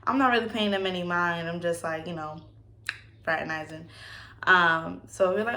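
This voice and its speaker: A woman's voice: lowish voice, moderate pace, sharp tone. A woman in her twenties from the United States, hosting a casual Q&A vlog and telling stories animatedly, acting out the voices of the people she quotes and laughing often. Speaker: vlogger.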